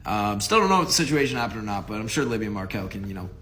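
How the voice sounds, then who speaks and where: A man in a casual video monologue who tells his side of a story in an animated, mocking way and laughs it off. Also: fairly low pitch, very fast, heavy background noise.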